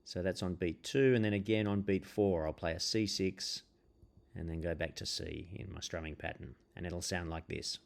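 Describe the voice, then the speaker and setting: A man teaching a ukulele strum pattern, speaking in a relaxed, hesitant way with many fillers and counting beats out loud. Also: low voice, normal speed, vocal fry. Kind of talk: instructional explanation with counting.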